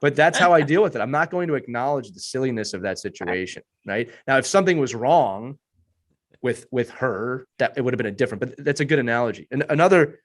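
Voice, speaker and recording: A man in his thirties with a hoarse, worn voice talks on a podcast panel. He is a youth hockey coach who speaks earnestly and repeats himself to drive each point home. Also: mid-range voice, animated, fast.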